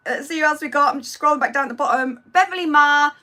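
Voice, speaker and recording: This Norfolk woman, speaking with a Norfolk accent, hosts a casual live stream and reads out viewers' names. Her voice is high, bright and forceful, and she talks fast, chatty and self-deprecating, tripping over her words as she greets people.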